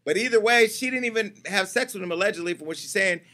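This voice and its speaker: A man hosting a gossip show with a brash, profane delivery. His voice sits a little high and has a sharp, forceful edge. He talks in a casual, teasing way, as if chatting with people in the room. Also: quick pace. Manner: brash, profane and teasing, talking to off-camera staff. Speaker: host of a celebrity gossip show.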